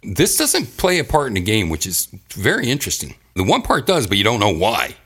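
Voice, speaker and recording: A man's voice: on the low side, wildly swooping pitch, fairly quick, a bit bright, husky. A man hosting a casual chat, rambling and profane, often laughing as he recaps a story.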